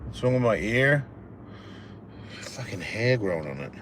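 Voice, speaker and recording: This fifties-aged livestream host reacts to viewer comments with profanity and blunt jokes, rambling casually and now and then sinking to a low mumble. He sounds animated yet a touch slow, with a fairly bright tone over slight background noise.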